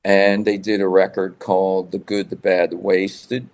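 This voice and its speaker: A man's voice: deep voice, flat delivery, measured pace, darkish tone. A man guest telling rambling rock-scene stories in a casual interview, swearing freely. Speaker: guest musician.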